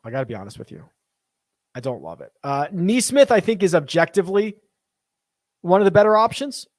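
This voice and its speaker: A man's voice: high voice, big pitch swings, brisk, no echo, clean studio sound. A man hosting a casual live-stream chat, thinking aloud and answering viewer questions. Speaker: host.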